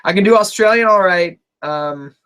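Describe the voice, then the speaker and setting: A man co-hosting a casual wrestling podcast, relaxed and profane, laughing easily. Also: high voice, moderate pace, clear, resonant tone. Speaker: podcast co-host.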